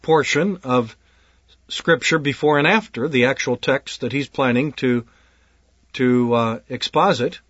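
A pastor speaking to would-be preachers in an earnest, deliberate way, often repeating words as he gathers his thoughts. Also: mid-range voice, fairly bright tone, no room sound. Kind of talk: instructional talk on preaching. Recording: dull lo-fi dry recording.

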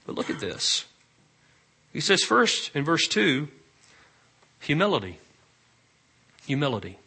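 Emphatic bright-voiced male preacher. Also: fairly high pitch, big pitch swings, takes it slowly, vocal fry, breathy edge. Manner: emphatic preaching with sudden loud rises and quiet asides. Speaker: pastor. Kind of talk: sermon.

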